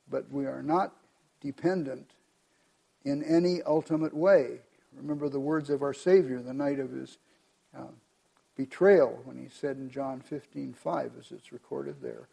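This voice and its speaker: An American man preaching a sermon as pastor, reading scripture aloud and explaining it in an earnest, measured way. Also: mid-range voice, mellow. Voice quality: gravelly.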